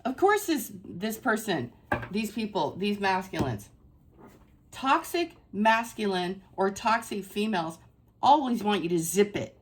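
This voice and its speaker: A woman's voice: medium pitch, lively intonation, measured pace, slight background noise. A woman giving a casual spiritual tarot reading to her viewers, effusive and emphatic, repeating phrases for stress. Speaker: tarot reader.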